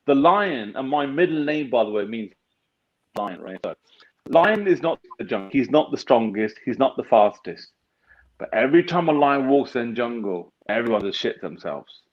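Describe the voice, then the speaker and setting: A man's voice: medium pitch, sing-song, normal speed. A man, a business founder giving a blunt, emphatic motivational talk as an interview guest, swearing freely. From United Kingdom. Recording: dull lo-fi sound.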